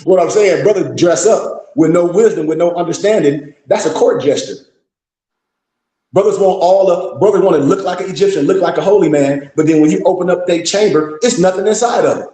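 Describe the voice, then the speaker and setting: A man's voice: sits high, a little fast, mellow. Blunt, scolding man in an echoey room. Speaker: host of a live discussion. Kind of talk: impassioned lecture-style talk.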